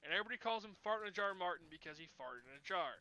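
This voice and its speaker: A man's voice: high-pitched, animated, very fast, sharp tone. A man casually commenting while he plays a video game, rambling through explanations to his viewers. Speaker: gaming channel host.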